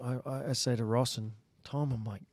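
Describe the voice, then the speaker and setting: A man's voice: medium pitch, steady tone, moderate pace, darkish tone, dry recording. A man from Australia with an Australian accent, a podcast guest rambling through anecdotes with false starts and chuckles. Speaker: podcast guest, retired bull rider. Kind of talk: casual storytelling.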